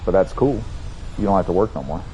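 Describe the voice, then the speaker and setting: A man's voice: low voice, expressive, quick pace, mellow, a little hiss or hum, poor audio. A man streaming a game, chatting casually and rambling with lots of swearing and self-mocking asides. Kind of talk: casual gameplay chat.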